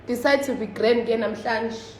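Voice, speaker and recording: A woman's voice: on the high side, moderate pace, darkish tone, reverberant, a little hiss or hum, low-quality recording. A South African woman chatting casually on a phone livestream, switching between languages and swearing freely.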